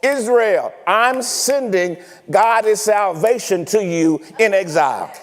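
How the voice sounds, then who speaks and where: High-voiced preacher in an echoing church. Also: male voice, slow. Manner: animated, teasing preaching with rhetorical questions. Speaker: pastor. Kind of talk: sermon. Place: church sanctuary.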